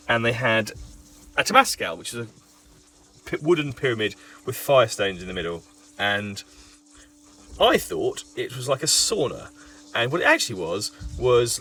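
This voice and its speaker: Lively self-deprecating man telling a story. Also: mid-range voice, far from the mic. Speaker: film writer giving commentary. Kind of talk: casual commentary storytelling.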